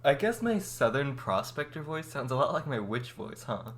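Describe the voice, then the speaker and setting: A man's voice: mid-range voice, big pitch swings, normal speed. Joking young man, podcast co-host. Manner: jokey, self-mocking, laughs often, sings badly. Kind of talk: casual chat.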